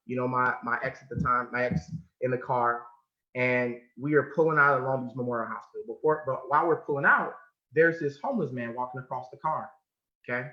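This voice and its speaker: Speaking a little fast in a mid-range voice, this adult Californian motivational speaker recounts something from his own life. He swings between loud emphasis and abrupt quiet and keeps repeating phrases, all captured as muffled audio in a room with echo.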